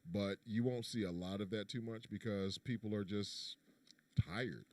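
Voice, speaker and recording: A man in his fifties co-hosting a comedy podcast, trading teasing jokes, then explaining things in a measured way. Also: on the low side, darkish tone, dry recording. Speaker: podcast co-host. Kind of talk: casual comedy banter. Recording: dry, slightly distant mic.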